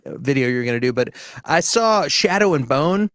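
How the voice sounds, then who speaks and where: A man's voice: a little high, lively intonation, moderate pace, a bit bright, no echo, studio quality. A man co-hosting a casual livestream chat, hesitant, repeating words and chuckling.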